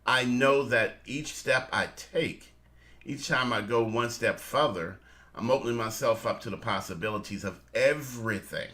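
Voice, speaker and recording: A man's voice: medium pitch, moderate pace, pushed and bright. A man co-hosting a casual morning show, upbeat, laughing often and calling his listeners family. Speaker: co-host.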